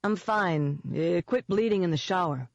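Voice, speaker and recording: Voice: mid-range voice, normal speed, creaky, dry recording, lightly acted. A reader voicing a nervous young man who hesitates and stammers, in an audiobook. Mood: sheepish. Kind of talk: audiobook character voice. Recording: dull, dry lo-fi audio.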